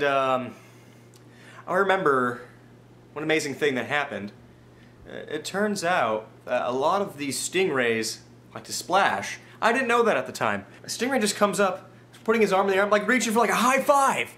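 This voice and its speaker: Male vlogger, comic storyteller; slightly high voice, very lively and exaggerated delivery. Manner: animated and exaggerated, swings from low mumbles to excited high bursts.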